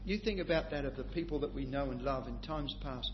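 A high-pitched man delivering a sermon, one moment soft and reflective, the next loud and emphatic. The recording is dull and lo-fi with a faint hum, and the voice carries a long hall reverb. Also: fast talker. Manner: impassioned, swings between quiet reflection and loud emphatic declaration. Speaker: preacher.

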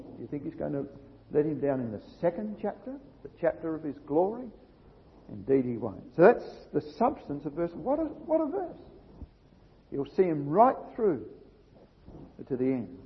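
A man's voice: fairly high pitch, wildly swooping pitch, moderate pace, husky. A man preaching an expository Bible sermon, reading scripture aloud and then commenting on it with rising emphasis. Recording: dull lo-fi recording in a reverberant hall.

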